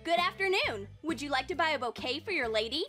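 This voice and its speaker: A woman's voice: sits high, animated, fast. A woman voicing a sneaky, meddling young woman in an overdubbed prank clip, with a sing-song, theatrical delivery. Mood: scheming sweet. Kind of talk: overdubbed prank-video dialogue. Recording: voice over loud background music. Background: music.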